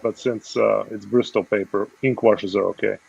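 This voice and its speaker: A man with a gravelly, creaky voice walks through an art technique step by step, leaning on "uh" and "you know". His audio comes through a dull, lo-fi video call. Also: lowish voice, moderate pace, no room sound. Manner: relaxed, explains step by step with many fillers. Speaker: guest artist. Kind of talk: casual chat, explaining an art technique.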